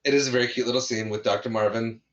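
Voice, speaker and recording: A man's voice: mid-range voice, steady tone, rapid-fire, lo-fi sound. A man co-hosting a podcast, recapping a movie in casual chat and laughing often as he tells the scenes. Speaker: podcast co-host.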